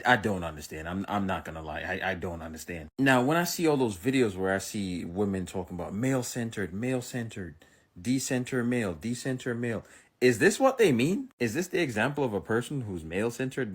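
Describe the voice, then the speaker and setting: A man's voice: on the low side, lively intonation, brisk, fairly bright tone, slightly rough. A man reacting to a clip who lectures and hands out advice in mock disbelief. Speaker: commentator. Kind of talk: reaction commentary.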